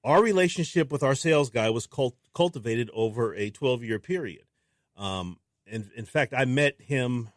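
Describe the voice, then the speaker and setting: A man, a filmmaker guest on a radio show, talking in a casual, animated way and acting out what people said to him. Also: mid-range voice, dry recording, clean studio sound. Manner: animated storyteller who acts out quotes. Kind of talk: casual interview talk. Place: radio studio.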